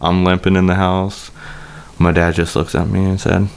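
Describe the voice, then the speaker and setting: Guy on a podcast rambling thru a crash story, lots of cussing, lowish voice. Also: moderate pace, gravelly, clean tone. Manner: animated, profanity-heavy, rambling storyteller. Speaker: podcast co-host. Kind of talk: casual storytelling chat.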